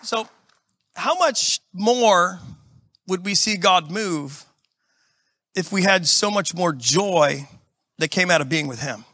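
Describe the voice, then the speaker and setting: Middle-aged male pastor, bright and high, animated storytelling sermon, dry close mic. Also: slow pace, long pauses, no echo. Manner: animated, exclamatory, acts out everyday scenes. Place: church building with a congregation.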